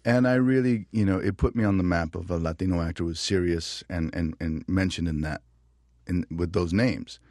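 A man, an actor being interviewed, telling stories from his career in a lively, laughing way and acting out other voices. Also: low voice, brisk, dry recording, clean studio sound. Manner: animated, laughing, acts out voices in anecdotes. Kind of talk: casual storytelling.

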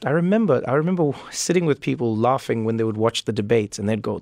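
A man from Africa, talking as an interview guest and telling stories in animated, quick bursts. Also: medium pitch, no echo, studio quality. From South Africa. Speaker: guest author. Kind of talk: conversational interview.

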